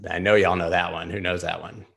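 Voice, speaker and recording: Gravelly low-voiced man, casual and rambling. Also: level tone, a little fast, a bit bright. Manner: loose, rambling, peppered with "like" and swearing. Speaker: host. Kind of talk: casual live-stream chart analysis.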